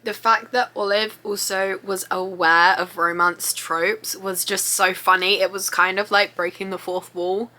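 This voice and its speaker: Gushing young woman with a bright voice. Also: medium pitch, steady tone, unhurried, few pauses. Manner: gushing, emotional and chatty. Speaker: book vlogger. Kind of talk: casual reading vlog updates.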